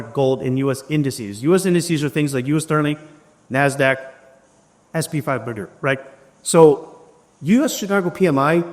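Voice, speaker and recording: Man talking through trading data, reverberant. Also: a little high. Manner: conversational, frequent "right?" tag questions. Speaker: trading educator. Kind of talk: casual market walkthrough.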